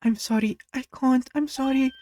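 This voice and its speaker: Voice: steady tone, moderate pace, mellow, natural voice. Player voicing a meek, tearful young defendant. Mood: apologetic. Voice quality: high, small and apologetic. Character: timid, self-blaming young woman defendant. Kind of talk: reading a fan visual novel aloud.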